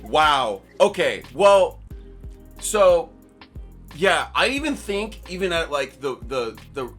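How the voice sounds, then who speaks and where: A man's voice: on the high side, very animated, slow pace, fairly bright tone, faint music behind. A man co-hosting a comedy podcast, chatting loosely and joking with lots of fillers and restarts. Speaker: podcast co-host. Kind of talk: casual comedic chat.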